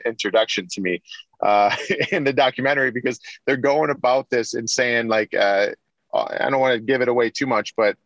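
A man's voice: mid-range voice, a bit bright, no room sound, lo-fi sound. A man in his forties, a former pro hockey player, telling long rambling stories in a casual interview, full of restarts and repeats.

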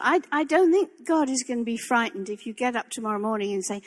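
A woman's voice: fairly high pitch, brisk, few pauses, in a large hall. An older woman preaching a sermon in a church, impassioned and emphatic, repeating her phrases for weight.

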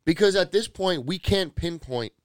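Stubborn, animated man arguing sports. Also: high voice, moderate pace, smooth, dry recording, studio quality. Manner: stubborn, keeps interrupting, swears, laughs it off. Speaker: podcast co-host. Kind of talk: heated casual sports argument. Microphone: podcast microphone.

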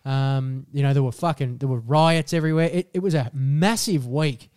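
A young Australian man co-hosting a casual podcast, swearing freely and ranting in an animated way. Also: mid-range voice, normal speed, smooth, no room sound, studio quality. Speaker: podcast co-host.

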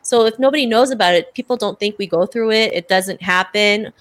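A woman in a relaxed podcast interview, talking earnestly as the guest. Her speech runs on with casual fillers. Her voice sits at an ordinary middle pitch. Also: brisk. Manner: earnest, heavy on "like" and "you know" fillers.

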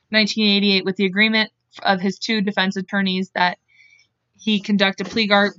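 A woman co-host reads through a true-crime case in a casual way, often tripping over words and laughing at her own slips. Her voice is bright and sharp, and the recording is dry and a little dull, like a lo-fi home setup. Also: medium pitch, dry recording. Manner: reads notes aloud, trips over words and laughs at herself. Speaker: podcast co-host.

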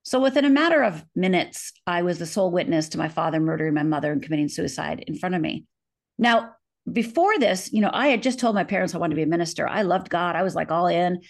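A woman's voice: on the low side, expressive, fast, vocal fry. A middle-aged woman from Upper Michigan, an author interviewed as a guest, retelling her past earnestly and vividly, acting out the quotes. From Upper Michigan, USA. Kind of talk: interview, personal storytelling.

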